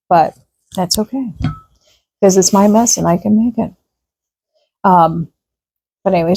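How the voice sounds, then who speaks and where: Chatty home-kitchen vlogger, woman, mellow voice, upbeat and rambling. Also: mid-range voice, gravelly, husky. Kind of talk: casual kitchen demonstration.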